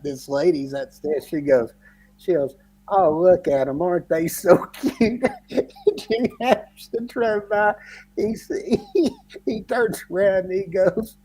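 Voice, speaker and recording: A man's voice: a little high, dark tone, slightly rough. A man telling stories in casual chat on a football podcast, laughing often as he talks. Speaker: podcast co-host.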